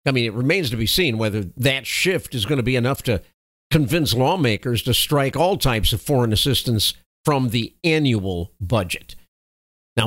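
A man's voice: medium pitch, fairly bright tone, no echo, studio quality. A man from the United States delivering an opinionated news commentary monologue, reading reports and adding emphatic asides. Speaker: political commentator.

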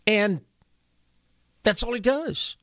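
A man's voice: high-pitched, expressive, takes it slowly, a bit bright, no room sound, studio quality. A man hosting an opinion commentary, speaking in a blunt and emphatic way. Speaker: commentary host.

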